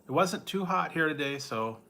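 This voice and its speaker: Bright-voiced man chatting on a live stream. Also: fairly high pitch, moderate pace, creaky. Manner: relaxed, rambling, chats with viewers; talks while eating and drinking. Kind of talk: casual live stream chat. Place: home.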